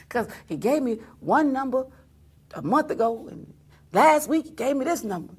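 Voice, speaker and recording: Lively, high-pitched talk show host woman. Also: slow, long pauses, husky. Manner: laughing often, mimicking others in quotes, exclaiming. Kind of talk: animated storytelling monologue.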